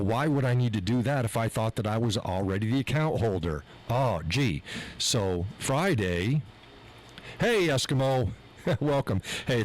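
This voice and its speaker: An American man with a lowish voice hosts his live show, telling an exasperated story as a casual rant. He's animated and swears freely while his heat rises, picked up by a mixer board mic on a rough recording.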